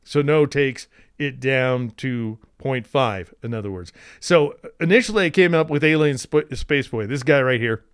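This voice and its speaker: A man hosting a screen-share software tutorial, chatty and enthusiastic, with asides and restarts. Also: mid-range voice, normal speed, clean tone, no echo, studio quality.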